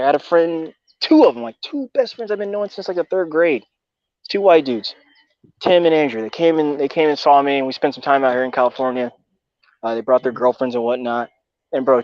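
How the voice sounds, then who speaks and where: A man's voice: fairly high pitch, no room sound, dull audio. A man from Texas talking casually as a co-host, rambling and swearing with many fillers. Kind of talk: casual chat.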